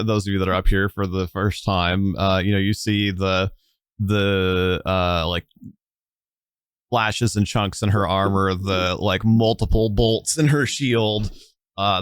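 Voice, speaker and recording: Male game master, low smooth voice, loose rambling narration. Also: fairly bright tone, dry recording, studio quality. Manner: rambling, many fillers.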